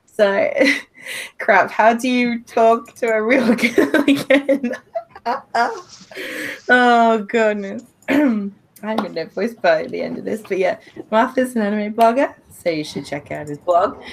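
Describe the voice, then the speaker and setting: Slow, hoarse, giggly woman streamer. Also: mid-range voice, slight background noise. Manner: giggly, laughs often between words. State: hoarse and semi-sick. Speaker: streamer host. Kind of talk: casual live-stream chat.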